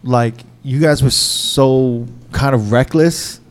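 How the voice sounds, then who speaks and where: Man, DJ, casual chat, profane, animated storytelling, laughs a lot. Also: mid-range voice, takes it slowly. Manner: profane, laughing, acts out quotes.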